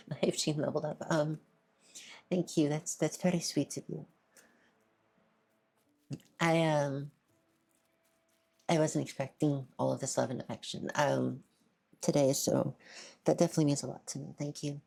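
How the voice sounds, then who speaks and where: Woman streamer, very deep voice, shy and stammering, husky tone, casual live-stream chat. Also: level tone, moderate pace, long pauses. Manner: soft-spoken, shy, stammering.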